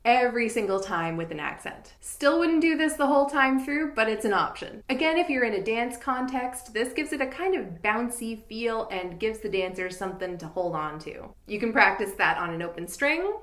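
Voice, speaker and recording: A woman teaching fiddle, explaining in a clear and patient way and counting beats aloud. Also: a little high, animated, normal speed, few pauses, roomy sound. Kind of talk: instructional tutorial.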